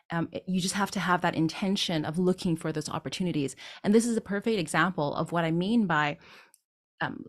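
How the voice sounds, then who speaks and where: A woman vocal coach teaching a singing tutorial, explaining patiently, tagging her points with questions, and breaking into short sung demonstrations. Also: fairly low pitch.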